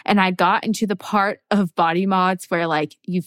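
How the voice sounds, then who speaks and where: A young adult woman co-hosting a podcast in casual chat, telling stories excitedly and acting out her own reactions. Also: on the low side, normal speed, no room sound, studio quality. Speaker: podcast co-host.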